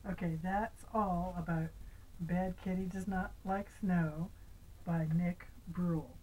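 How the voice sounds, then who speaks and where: An older woman reading a picture book aloud to her grandchild, gentle, asking the child little questions, sometimes dropping into a whisper. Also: on the low side, steady tone, slow pace, a little hiss or hum, poor audio.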